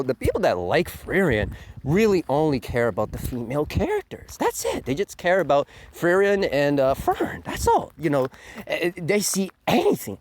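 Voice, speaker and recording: A man giving a crude, mocking countdown rant as an anime reviewer, swearing often and sneering at fans. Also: fairly high pitch. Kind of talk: ranting countdown commentary.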